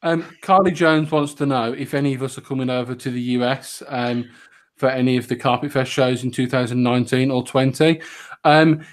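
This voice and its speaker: A man's voice: mid-range voice, steady tone, brisk. A man with a British accent on a podcast, reading out the live chat in a sarcastic, jokey way. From United Kingdom.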